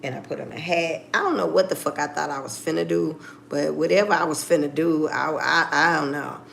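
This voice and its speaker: Gravelly low-voiced woman telling a story. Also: steady tone, brisk, fairly bright tone, a little hiss or hum. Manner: blunt, profane, acts out phone calls. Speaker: vlogger. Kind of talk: casual storytelling.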